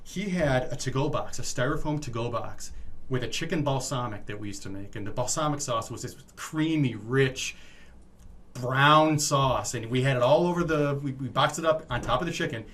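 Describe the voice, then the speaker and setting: Brief: middle-aged male co-host, bright tone, animated storyteller who acts out characters. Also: medium pitch, moderate pace. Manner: animated storyteller acting out customers and his boss. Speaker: podcast co-host. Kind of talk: casual storytelling chat.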